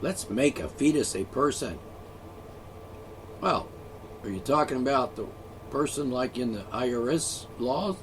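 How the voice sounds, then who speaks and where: A man's voice: mid-range voice, unhurried, long pauses, noisy background. A man ranting alone, profane and sarcastic, mocking the people he is angry at. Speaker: ranting vlogger. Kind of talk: angry solo rant.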